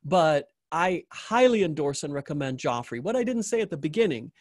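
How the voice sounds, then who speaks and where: A man's voice: a little high, animated, fairly quick, no echo, clean studio sound. A man hosting an interview, wrapping up with an enthusiastic, joking endorsement of his guest, often repeating phrases for emphasis. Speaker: interview host.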